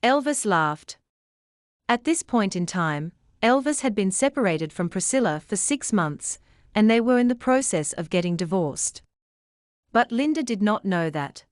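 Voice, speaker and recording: A woman's voice: mid-range voice, expressive, a little slow, dry recording. Woman narrating in a dry, close voice. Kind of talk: scripted narration.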